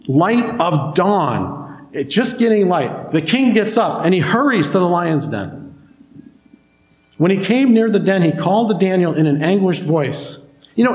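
A man preaches to his congregation, retelling scripture in a relaxed, conversational way and stopping to put questions to the room. His voice sits a little high for a man. The sound echoes through a church hall. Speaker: pastor. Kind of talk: sermon.

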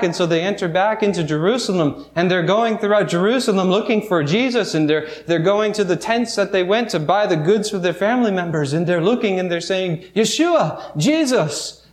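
Slightly high-voiced man preaching a story. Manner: retells scripture vividly, with halting restarts and soft asides. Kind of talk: sermon storytelling.

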